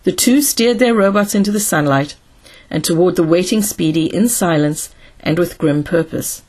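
A woman narrating a science fiction audiobook with steady storytelling. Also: on the low side, moderate pace, breathy edge.

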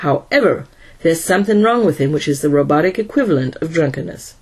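A woman's voice: deep voice, expressive, a little fast, a little mellow, slightly rough, exaggerated voice. A woman voicing a grim, level-headed male engineer who speaks dryly and steadily. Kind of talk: audiobook character voice.

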